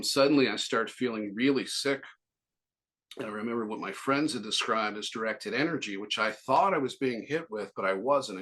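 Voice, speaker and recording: A man with a fairly low, slightly bright voice speaks as an interview guest. He tells a long personal story in a rambling, casual way, restarting often and quoting back-and-forth exchanges.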